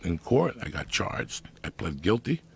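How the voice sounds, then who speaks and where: A middle-aged man telling profane comic stories in a loud, animated way. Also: low-pitched, a little slow, gravelly, a little hiss or hum. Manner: loud animated storytelling with heavy swearing. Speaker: podcast guest storyteller. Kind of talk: profane comedic storytelling.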